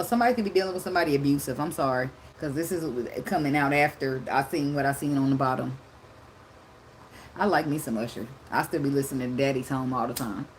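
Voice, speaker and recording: A woman's voice: low voice, slight background noise, low-quality recording. Brash, laughing woman in her thirties. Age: 30s. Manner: loud, profane, laughing storyteller. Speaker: tarot reader. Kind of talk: casual tarot reading chat.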